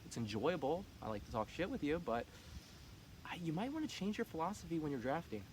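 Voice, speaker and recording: A man's voice: on the high side, big pitch swings, a little fast, darkish tone, slight background noise. A man running a fantasy football league, talking casually and teasing the other players with cocky trash talk.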